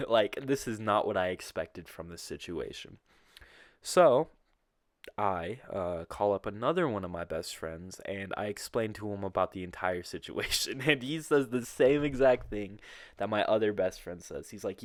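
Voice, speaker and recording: A young man casually telling a personal story, with animated, profane delivery and imitated voices. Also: lowish voice, a little slow, dry recording.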